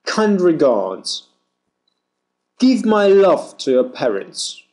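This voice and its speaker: A man reads pronunciation drills slowly and carefully, giving every sound its full shape. His fairly high voice rises and falls a great deal as he works through each line. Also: sing-song, a little mellow. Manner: slow, deliberate, over-articulated reading. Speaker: pronunciation teacher. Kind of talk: reading pronunciation drills aloud.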